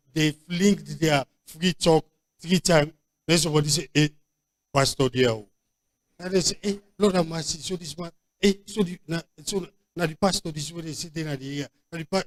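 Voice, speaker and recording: A man with a Nigerian accent preaching a sermon as pastor, emphatic and repetitive, with frequent stop-start restarts. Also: on the high side. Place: church convention hall.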